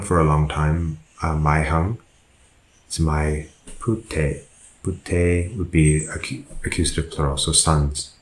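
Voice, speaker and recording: A man with an extremely deep voice teaches a Pāli grammar lesson, moving through each sentence at a slow, deliberate pace. He pauses often and corrects himself. The recording carries a noticeable room echo. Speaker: Buddhist monk teaching Pāli.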